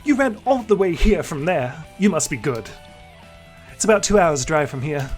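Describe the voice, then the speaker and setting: A man putting on a gruff tough sparrow woman. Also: a little high, sing-song, moderate pace, soft background music. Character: intimidating tough female sparrow, stern biker.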